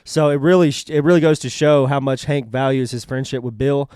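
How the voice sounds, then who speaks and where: A man's voice: medium pitch, fairly even intonation, a little fast, darkish tone, smooth, dry recording, studio quality. A man co-hosting a podcast, offering factual asides in casual chat and apologizing for interrupting. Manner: adds fact-heavy asides, apologetic about interrupting. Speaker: podcast co-host.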